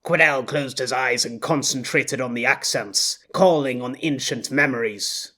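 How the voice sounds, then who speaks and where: A man reading an audiobook as narrator in a measured, intense style. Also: mid-range voice, pushed and bright.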